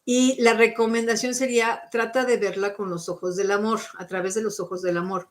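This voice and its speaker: A woman's voice: medium pitch, flat delivery, fast talker. A woman doing live-stream psychic card readings, giving coaching advice and often checking in with the listener. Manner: coaching, checks in with frequent "okay?"; switches between English and Spanish.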